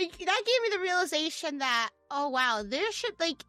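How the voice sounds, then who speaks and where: A woman's voice: sits high, sing-song, moderate pace, few pauses, sharp tone, no echo, soft background music. A woman game developer talking animatedly in a casual interview, laughing often and restarting her sentences. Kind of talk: casual chat.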